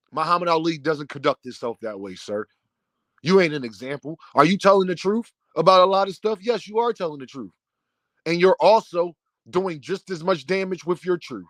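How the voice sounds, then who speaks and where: A man's voice: high voice, expressive, normal speed, fairly bright tone, dry recording. A man delivering an impassioned commentary rant, firing off repeated rhetorical questions in a preachy, heated way. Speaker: commentary host.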